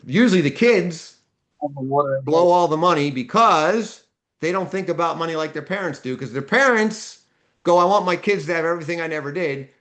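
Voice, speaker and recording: Guy teaching a seminar, kinda high voice, blunt, quizzes the class. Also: fairly bright tone. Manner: blunt, asks the class questions and answers them. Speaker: seminar instructor. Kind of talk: live seminar lecture. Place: classroom with a live audience.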